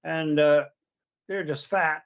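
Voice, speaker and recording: A man's voice: a little high, steady tone, takes it slowly, fairly bright tone, dull audio. A middle-aged man, a pathologist guest on a podcast, explaining technical points in a conversational way with some "uh" fillers.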